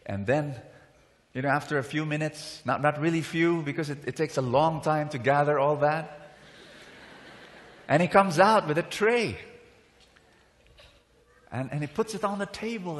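A man's voice: fairly high pitch, moderate pace. A man preaching to a crowd, speaking emphatically and calling for their responses. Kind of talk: sermon. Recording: reverberant hall.

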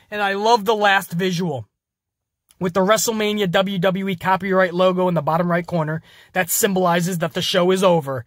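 A man's voice: high voice, a bit bright, no room sound, studio quality. A man hosting a podcast, energetically retelling a wrestling show in casual, profane language. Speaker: podcast host.

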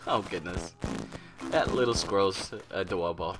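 A man casually commenting over his video game, rambling, playful and quick to swear. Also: medium pitch, big pitch swings. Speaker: gaming channel host. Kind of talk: casual let's-play commentary. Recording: game music playing under voice. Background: video game music.

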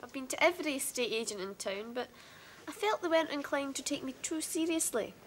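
A woman's voice: high voice, brisk, slight background noise. A young woman with a Scottish accent playing a cheerful, determined Glasgow teenage girl in a family drama. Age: young adult. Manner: lively, joking, self-mocking. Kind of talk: 1980s television drama acting.

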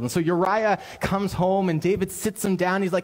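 A male pastor preaching a sermon, telling a story in an animated, conversational and earnest way. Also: high voice, normal speed, few pauses.

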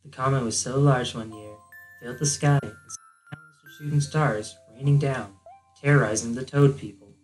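A man's voice: medium pitch, normal speed, faint music behind, lightly acted, poor audio. A man doing a mock-seductive female princess voice to read a storybook intro aloud, as a gaming joke. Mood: mock sultry. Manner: soft mock-seductive reading. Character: sultry female cosmic princess narrating a storybook. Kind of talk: comedic let's play voice-over.

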